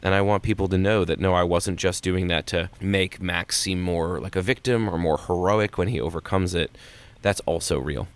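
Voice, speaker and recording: A man talking as an author guest in a casual podcast interview, animated and emphatic. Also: moderate pace. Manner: animated, emphatic pitch jumps.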